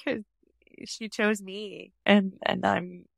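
A young adult woman speaking as a guest in a casual interview, telling her story in an animated way and often laughing. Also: medium pitch, slow pace, vocal fry, no room sound, studio quality. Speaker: guest, parent advocate.

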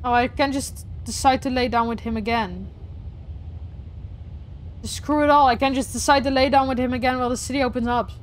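A woman streamer giving let's play commentary, emotional and expressive as she talks straight to her viewers. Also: sits high, a little fast, pauses often, a little hiss or hum. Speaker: gaming streamer.

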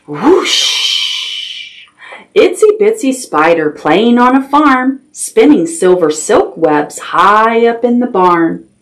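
A woman's voice: fairly high pitch, lively intonation, slow pace. A woman reading a picture book aloud to toddlers as a children's librarian, sing-song and playful, adding animal noises and sound effects.

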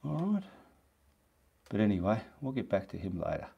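A man's voice: low voice, animated, fast, creaky, slightly rough, dull audio. A man talking casually through a live painting demonstration, chatting as he works and muttering to himself between steps. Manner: chatty, casual, talks while working. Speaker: painting instructor. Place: home studio, indoors.

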